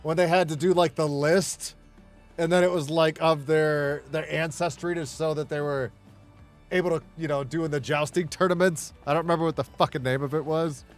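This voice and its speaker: A man's voice: a little high, steady tone, normal speed, soft background music. A man streaming a game, rambling in casual chatter, swearing and laughing often.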